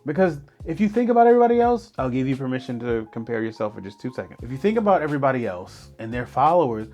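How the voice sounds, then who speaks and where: A man hosting a motivational podcast, talking earnestly and in an animated way, often asking rhetorical questions. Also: medium pitch, fast talker, faint music behind. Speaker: podcast host.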